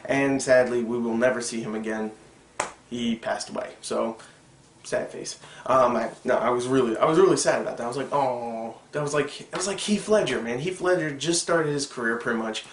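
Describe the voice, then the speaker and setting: A young man casually reviewing a TV episode, rambling and excitable, with lots of fillers and side remarks. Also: mid-range voice, fairly quick. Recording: echoey room with faint background noise.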